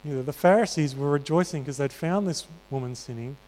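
Male preacher, earnest and chatty, smooth clear tone, fairly high pitch. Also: a little fast, darkish tone. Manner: earnest, conversational, many fillers. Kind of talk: sermon. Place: church hall. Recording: reverberant church hall.

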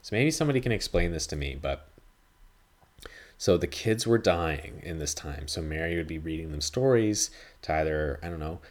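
In a rumbling low, expressive voice at a moderate pace, a podcast host reviews a film. The talk is casual and meandering, with plenty of swearing and dialogue he acts out himself.

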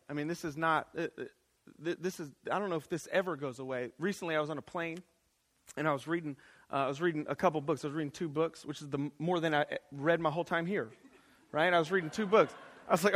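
Guy preaching chapel sermon, high voice, goes from shouting to hushed, kinda casual. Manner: conversational preaching, swings between shouting and hushed. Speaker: chapel speaker. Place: college chapel. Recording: reverberant chapel.

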